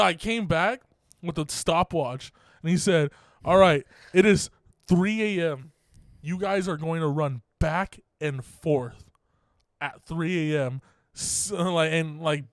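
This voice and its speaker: A man's voice: a little high, no room sound, studio quality. A young man hosting a podcast, telling a story in casual talk, laughing often, swearing, and acting out other people's lines. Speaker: podcast co-host.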